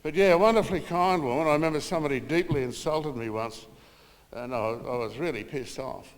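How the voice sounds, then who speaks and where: A man's voice: fairly high pitch, fairly quick. An older man with an Australian accent gives a eulogy for his mother, telling family stories, acting out the voices he quotes and chuckling as he goes. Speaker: son giving a eulogy. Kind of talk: funeral eulogy with anecdotes. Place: small funeral room. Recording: reverberant room with long echo.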